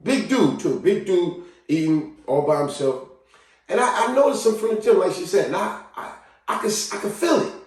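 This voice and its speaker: Man, casual motivational vlog, fairly high voice, heavy room echo, off mic. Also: normal speed, recorded from a distance. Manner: animated, acts out greetings in a higher voice and sad confessions in a low murmur. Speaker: vlogger. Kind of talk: casual motivational talk to camera.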